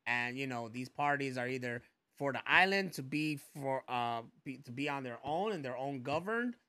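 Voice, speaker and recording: A man's voice: medium pitch, normal speed. A young man co-hosting a casual podcast, talking in a joking, loose way. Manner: joking, animated, slips into put-on voices. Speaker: podcast co-host.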